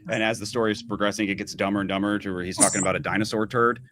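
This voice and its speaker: A musician guest in a casual podcast chat, telling stories in a halting way with many restarts. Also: male voice, fairly low pitch, little pitch movement, noisy background.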